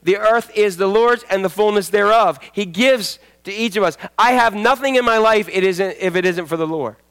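A man's voice: sits high, moderate pace, a bit bright, smooth. A male pastor giving a folksy sermon, repeating phrases for emphasis and telling homely stories.

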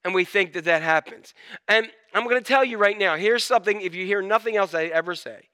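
A man's voice: sits high, quick pace, bright, forceful tone, no room sound, studio quality. A middle-aged man preaching a sermon in a conversational, self-deprecating way, acting out the voices in his head. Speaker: pastor.

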